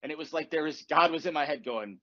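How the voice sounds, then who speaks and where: A man hosting a podcast, telling a story in casual chat, animated and swearing as he acts out what people said. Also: on the high side, fast, dull audio. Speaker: podcast host.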